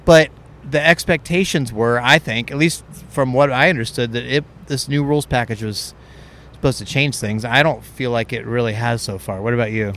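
A man's voice: mid-range voice, moderate pace, fairly bright tone, slight background noise. A young man hosting a podcast outdoors, chatting casually in a rambling, candid way. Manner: rambling, candid, self-correcting. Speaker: podcast host. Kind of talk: casual chat. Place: outdoors overlooking a racetrack.

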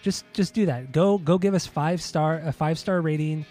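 A man hosting a casual podcast, rambling and laughing at himself, with the odd curse thrown in. His voice sits a little high but sounds dark and mellow. Faint guitar music plays underneath. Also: moderate pace. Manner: rambling, self-mocking, swears. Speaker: podcast host.

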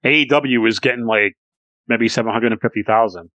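A man's voice: medium pitch, a little fast, a bit bright, no room sound, poor audio. Casual swearing male podcast co-host. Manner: swears freely, rambling with restarts. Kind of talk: casual wrestling chat.

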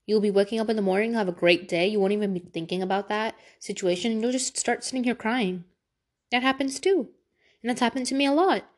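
A woman's voice: medium pitch, fast talker. Earnest young woman, candid motivational talk. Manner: earnest, candid, slangy, with sudden animated bursts. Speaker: vlogger giving Islamic life advice. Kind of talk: casual motivational talk to camera.

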